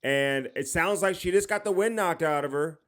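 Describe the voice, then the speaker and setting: A man's voice: a little high, moderate pace, fairly bright tone. A man co-hosting a podcast from his home studio, rambling in a joking, mock-serious way. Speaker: podcast co-host. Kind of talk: casual podcast chat.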